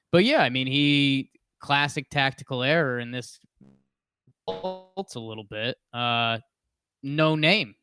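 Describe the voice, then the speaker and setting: A man with a slight lisp chatting on a comedy podcast. His voice is bright and crisp, a little high, and he talks slowly. The sound is dry, from a close mic. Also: dry recording. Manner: joking, mock-dramatic narration in the intro. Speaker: podcast co-host. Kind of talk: casual comedic podcast chat.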